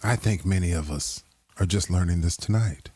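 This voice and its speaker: A husky, warm, low-sitting voice belongs to a man reacting to clips on his live stream at a moderate pace, recorded without room sound. He trades crude, playful jokes and laughs often as he comments casually.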